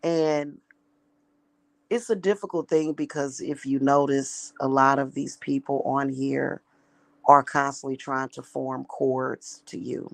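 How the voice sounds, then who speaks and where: A woman's voice: extremely low pitch, fairly even intonation, takes it slowly, vocal fry, dry recording. A woman talking casually in a vlog monologue, rambling and repeating herself with emphatic restarts. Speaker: spiritual practitioner.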